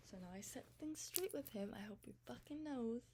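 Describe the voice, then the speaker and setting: A young woman telling a storytime vlog, recounting a text argument in a rapid, profane, exasperated way, swinging between loud venting and hushed asides. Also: on the high side, animated, a little hiss or hum.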